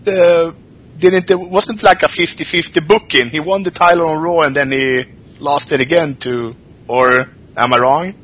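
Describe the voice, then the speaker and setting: A man with a slightly raised pitch and a bright, sharp tone, co-hosting a casual podcast. He mostly chimes in with short agreements and wisecracks. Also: fairly even intonation. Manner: quick interjections and agreeing asides. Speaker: podcast co-host. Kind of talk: casual comedic chat.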